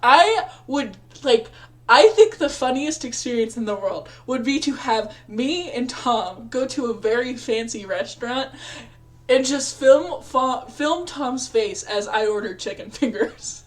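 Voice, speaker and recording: A young woman with a high, bright-pitched voice, reading a dating-sim game aloud for a let's play. She rambles, giggles and mocks herself between lines of game text. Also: lively intonation, measured pace. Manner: giggly, rambling, self-mocking. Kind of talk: reading a visual novel aloud with chat.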